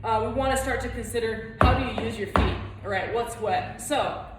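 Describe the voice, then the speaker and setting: A woman's voice: on the high side, moderate pace. Echoey, distant woman teaching dance. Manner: counts beats aloud while dancing. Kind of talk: online dance lesson. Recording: echoey room, far from mic, loud music.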